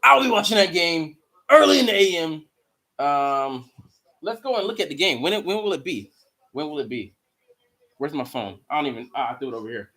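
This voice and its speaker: Man, high-pitched, profane, excitable watch-party host. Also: moderate pace. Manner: profane, excitable, bursts into mocking shouts. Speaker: live stream host. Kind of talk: live watch-party commentary.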